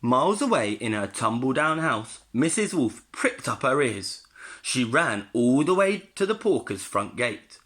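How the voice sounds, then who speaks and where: Animated male teacher reading a story. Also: medium pitch, measured pace. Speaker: primary school teacher. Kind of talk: storybook read-aloud for pupils.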